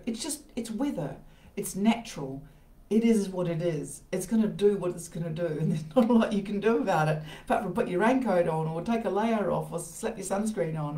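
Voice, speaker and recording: Low-voiced woman giving a rambling talk. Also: warm tone. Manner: rambling, with many restarts and asides. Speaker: host of a live self-help talk. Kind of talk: informal motivational talk. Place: home conservatory. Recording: roomy echo of a conservatory.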